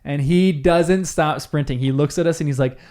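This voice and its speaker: A man's voice: fairly high pitch, normal speed, mellow. A young man, a podcast co-host, telling a story in casual group chat and acting out the voices he quotes.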